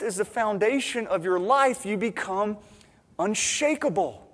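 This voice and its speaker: Emphatic male pastor mid-sermon, higher voice, in a church with a long echo. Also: expressive, measured pace. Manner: emphatic, swings between loud urgency and quiet intimacy. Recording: long hall reverb.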